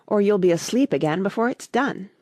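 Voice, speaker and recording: A woman's voice: mid-range voice, lively intonation, brisk, darkish tone, no room sound, studio quality, lightly acted. A woman voicing a rude, smug male hatter who needles and corrects others.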